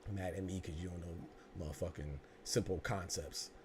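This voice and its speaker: Hosting a live boxing podcast, a man reads chat comments and jokes around, slipping into loose, profane mock anger. His low voice stays fairly even in intonation at a moderate pace, with slight background noise audible.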